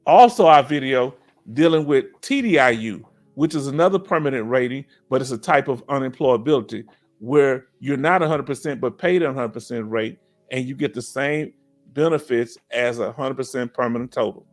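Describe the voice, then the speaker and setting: This middle-aged host speaks with a Southern US accent at medium pitch and a moderate pace, with faint music playing behind. He reads viewer comments on his casual veterans' live stream, animated and preachy, regularly checking in with "you understand?".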